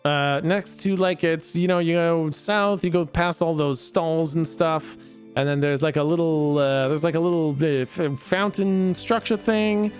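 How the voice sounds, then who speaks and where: A man's voice: fairly high pitch, measured pace, soft background music, lightly acted. A man playing a cranky, indignant little gnome. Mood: irritable. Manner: indignant, sarcastic, swearing. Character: small cranky male gnome, touchy and demanding.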